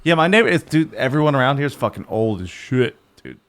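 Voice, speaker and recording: A man's voice: medium pitch, lively intonation, quick pace, a bit bright. A man hosting a podcast in a home room, chatting casually in a crude, profane way. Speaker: podcast host. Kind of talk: casual chat.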